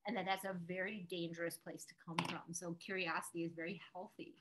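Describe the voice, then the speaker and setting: A middle-aged woman hosting a podcast, talking in a quick, reflective, conversational way. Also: lowish voice, fairly even intonation, a bit bright, a little hiss or hum, low-quality recording. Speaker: podcast host and weight-loss coach.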